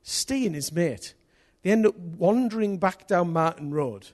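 A man preaches with a high, light voice and a storyteller's ease, tossing in casual slang. He builds to excited shouts, then drops almost to a whisper to make his point. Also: a little slow. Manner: swings from hushed to excited shouting; lively storyteller with local place names and slang. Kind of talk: sermon with storytelling.

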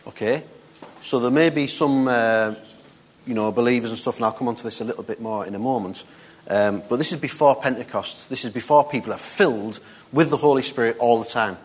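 A man giving a relaxed, conversational Bible teaching, reading a passage and then stopping to comment on it. His voice sits at an ordinary middle pitch. He talks to his listeners with easy asides as he teaches. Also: fairly quick, slightly rough. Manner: conversational, reads scripture aloud and comments with asides. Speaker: preacher.

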